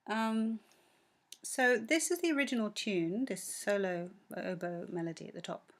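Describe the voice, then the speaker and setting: A woman's voice: medium pitch, measured pace, a little hiss or hum. Woman patiently walking through a score. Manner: explains patiently, sings melody fragments; frequent ums and self-corrections. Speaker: music teacher. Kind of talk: score analysis lesson.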